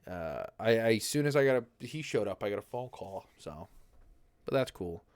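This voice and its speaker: A young man hosts his own livestream, chatting casually and rambling from one topic to the next while laughing easily. His voice is fairly low, expressive, and a little dark, delivered at a moderate pace. The recording is dry.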